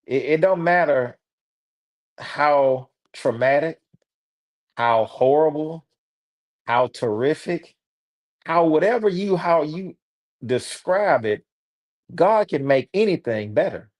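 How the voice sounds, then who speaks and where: A man's voice: fairly high pitch, animated. A man with a Houston, Texas accent, a guest author giving an earnest testimony of faith over a video call. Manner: earnest, slow, preachy encouragement. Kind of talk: testimony in casual chat. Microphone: streamed video call.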